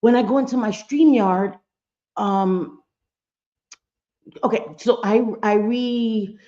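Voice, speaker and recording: A woman's voice: fairly high pitch, takes it slowly, dark tone, lo-fi sound. Chatty woman streaming from home, swearing and laughing. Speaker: livestream host. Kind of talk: casual livestream chat. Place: home room with bright lights.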